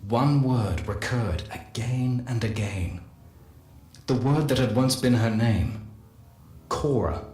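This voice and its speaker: An actor playing a solemn male scientist narrating a game audio journal, measured and confessional. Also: mid-range voice, a little mellow, natural voice. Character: solemn male scientist recounting guilty secrets. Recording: echoey voice with faint music.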